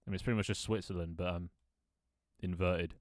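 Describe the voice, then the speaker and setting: Low-voiced English man chatting on stream. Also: fairly even intonation, a little fast, a little mellow, no echo, studio quality. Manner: rambling, jokey, swears freely. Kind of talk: casual live-stream chat.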